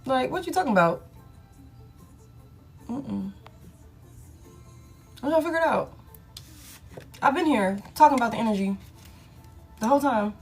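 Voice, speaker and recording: A woman's voice: high-pitched, lively intonation, moderate pace, long pauses, breathy edge, faint music behind. Candid, profane woman tarot reader. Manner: candid and profane, laughs often, talks straight to her viewers. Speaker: tarot reader hosting a live stream. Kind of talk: casual live-stream tarot chat.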